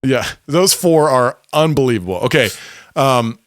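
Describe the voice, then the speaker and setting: A man co-hosting a podcast in casual chat, animated and often laughing as he retells scenes. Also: medium pitch, measured pace, no echo, studio quality. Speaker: podcast co-host.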